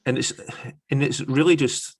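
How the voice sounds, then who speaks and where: Flat-voiced, dry man. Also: medium pitch, moderate pace, vocal fry, dry recording. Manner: dry, sarcastic. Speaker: podcast host. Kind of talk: casual political chat.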